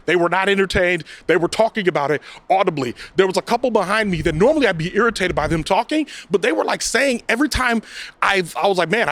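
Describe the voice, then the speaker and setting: A man hosting his own podcast, giving a casual, chatty movie review with loud bursts and exasperated asides. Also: high-pitched. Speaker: podcast host, film reviewer.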